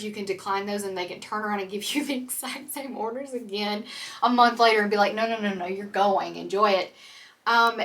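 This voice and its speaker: A woman's voice: mid-range voice, a bit bright, far from the mic. A young woman chatting candidly to camera as a vlogger, full of "like" and "um". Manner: chatty, candid, filler-heavy with "like" and "um". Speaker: vlogger, military spouse. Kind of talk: casual chat to camera.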